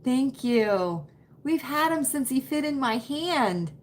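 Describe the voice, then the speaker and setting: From home, a woman livestreams a casual chat to her viewers over a computer webcam, folksy and talkative, repeating phrases for emphasis. Her voice is high-pitched and expressive, and she speaks slowly.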